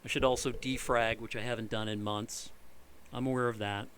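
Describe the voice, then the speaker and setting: A man's voice: flat delivery, fairly quick, fairly bright tone, a little hiss or hum. A man ranting in frustration while fixing his computer, sarcastic and swearing freely. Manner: exasperated, sarcastic, swears freely, mocks others in shrill voices. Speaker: vlogger doing computer repair. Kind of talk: frustrated ranting commentary over screen recording.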